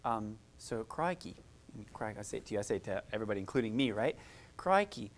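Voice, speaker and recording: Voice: mid-range voice, animated, fast. A music therapist leading a live workshop, coaching participants through vocal exercises in an encouraging, chatty way with frequent asides.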